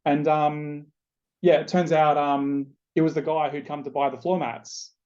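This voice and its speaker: A man's voice: fairly high pitch, level tone, measured pace, darkish tone, muffled recording. A man with an Australian accent hosting a podcast, telling a casual story with plenty of swearing. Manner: chatty, loose, swears freely. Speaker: podcast host.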